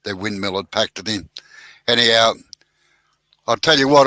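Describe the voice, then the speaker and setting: A man's voice: on the low side, normal speed, bright, forceful tone, no echo. A man in his seventies with an Australian accent telling yarns in casual chat, with dry humour. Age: 70s. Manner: yarn-spinning, dry humour.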